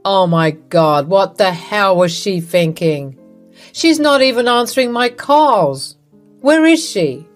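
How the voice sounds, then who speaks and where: A flustered husband caught between his wife and his mother, firing off questions, as a woman narrator reads his lines. The voice sits at a middling pitch, with soft music underneath. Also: lively intonation, takes it slowly. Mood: apologetic.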